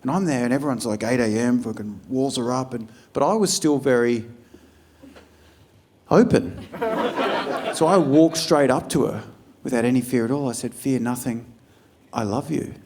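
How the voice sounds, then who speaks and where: Swearing Australian stand-up comedian. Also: male voice, medium pitch, lively intonation, moderate pace, long pauses, darkish tone, a little hiss or hum. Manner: loose, swearing storyteller acting out scenes. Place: comedy club stage. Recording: live room with a laughing crowd.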